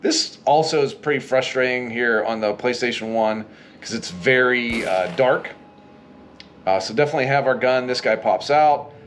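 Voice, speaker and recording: A man's voice: medium pitch, normal speed, fairly bright tone, slight background noise. A man giving casual, chatty commentary while playing through a video game, often exasperated at its difficulty. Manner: chatty, exasperated, exclaims at failures. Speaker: gameplay walkthrough host.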